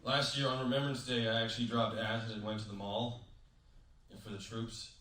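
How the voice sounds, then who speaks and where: A man performing a stand-up comedy set on stage, telling stories deadpan with sudden high-pitched acted quotes. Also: moderate pace, very noisy. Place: comedy show in a hotel venue. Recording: roomy live room, mic at a distance. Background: audience laughter.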